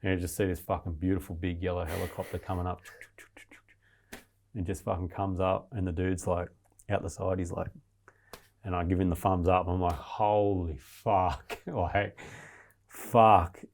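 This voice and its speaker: A man's voice: low voice, completely flat delivery, a little fast, creaky, pauses often, darkish tone. A man, a podcast guest, recounting a survival ordeal in casual, heavily sworn storytelling. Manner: swears constantly, restless retelling of his ordeal.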